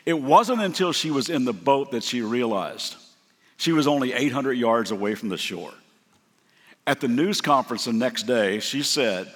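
A man's voice: medium pitch, lively intonation, normal speed, a bit bright. A middle-aged man preaching a sermon as a guest pastor, telling stories and acting out the quotes. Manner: storytelling, acts out quotes with shifts in voice. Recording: long hall reverb.

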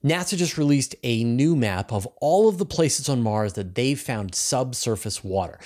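A man's voice: medium pitch, lively intonation, moderate pace, darkish tone. A Canadian man with a Canadian accent hosting space news, explaining things eagerly and talking straight to his viewers. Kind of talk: casual news commentary.

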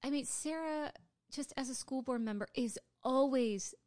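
A woman's voice: sits high, moderate pace, darkish tone. A woman from Florida co-hosting a podcast, chatting casually and repeating words for emphasis. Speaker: podcast co-host. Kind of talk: casual chat.

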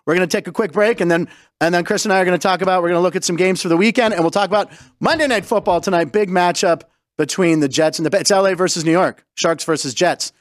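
A man hosting a sports and comedy radio show, telling stories in an animated way and acting out the quotes. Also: high voice, fast talker, no echo.

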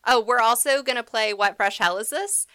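A woman's voice: a little high, normal speed, bright, forceful tone, clear, resonant tone, no room sound. A woman co-hosting a podcast, chatting sarcastically, swearing and laughing often. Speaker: podcast co-host. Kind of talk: sarcastic casual chat.

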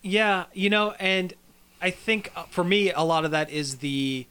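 A slightly higher-pitched man talking casually on a podcast. He tells stories in loose, rambling bits, with plenty of "like" and "uh" along the way. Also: a little slow, sharp tone, clean tone. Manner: rambling, filler-heavy storytelling. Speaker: podcast co-host. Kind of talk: casual chat.

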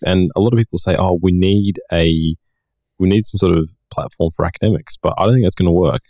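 A man with a very low voice talks in a casual podcast chat, hesitant and full of fillers. The sound is dry and close, with no room echo. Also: a little mellow.

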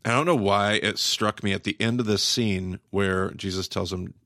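A man co-hosting a podcast, talking thoughtfully and haltingly as he searches for words. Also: lowish voice, steady tone, fairly bright tone, no echo, studio quality. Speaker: podcast co-host. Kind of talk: casual discussion.

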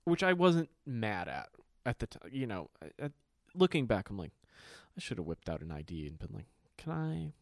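A man co-hosting a casual podcast chat, profane and animated, slipping into quoted voices. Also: on the low side, moderate pace, no echo, studio quality. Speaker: podcast co-host.

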